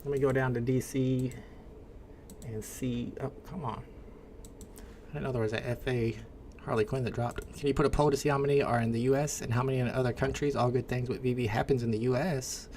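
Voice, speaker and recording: A man's voice: mid-range voice, fairly even intonation, a little fast, darkish tone, a little hiss or hum. A man with an Indiana accent hosting a casual livestream, chatting and answering comments from chat. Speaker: livestream host.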